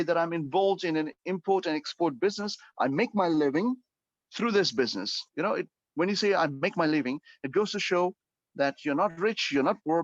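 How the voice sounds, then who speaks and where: A man's voice: fairly high pitch, no echo. A man teaching an online English speaking class, explaining at length with frequent fillers and restarts. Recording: dull, lo-fi and dry.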